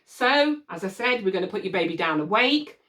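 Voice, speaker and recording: Woman, baby sleep coach, calm and patient, mid pitch, voice recorded from across a room. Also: brisk. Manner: calm, patient, reassuring, demonstrates shushing. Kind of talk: instructional demonstration. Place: room with a changing mat set up as a crib. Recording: voice from a distance from the mic.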